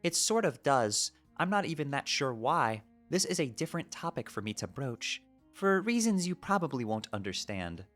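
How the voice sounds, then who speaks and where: A man voicing a composed young female troll who speaks in a measured, slightly formal way. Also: mid-range voice, very animated, a bit bright, faint music behind, voice pushed up.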